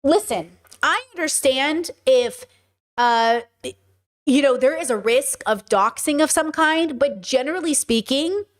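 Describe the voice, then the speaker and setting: Animated high-voiced woman streamer. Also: measured pace. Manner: animated, rhetorical, chatty with viewers. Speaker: streamer and podcast host. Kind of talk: casual live-stream commentary.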